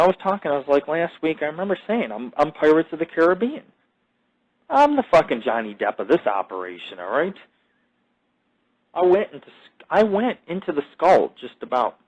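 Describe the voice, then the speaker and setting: On a muffled recording, a man with a fairly high, slightly mellow voice hosts his own podcast in a loose, meandering monologue. His talk is profane and full of tangents and self-mythologizing, broken by halting restarts and the same fillers again and again.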